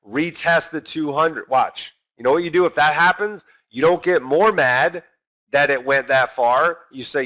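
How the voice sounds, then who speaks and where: Bright-voiced man teaching a trading class. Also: mid-range voice. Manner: emphatic, rhetorical, asks and answers his own questions. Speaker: trading instructor.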